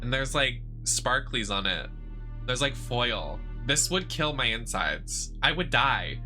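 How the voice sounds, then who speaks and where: A man's voice: medium pitch, big pitch swings, slow pace, sharp tone, faint music behind. A man chatting casually with his live-stream viewers, teasing and swearing as he talks back to the chat.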